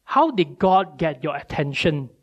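A male preacher, giving a sermon with animated storytelling and many rhetorical questions. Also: a little high, measured pace, slightly rough, muffled recording.

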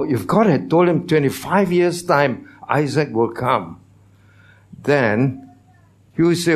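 A man's voice: on the high side, lively intonation, a little slow. A man preaching a sermon as pastor, teaching, asking the congregation questions, with non-native phrasing.

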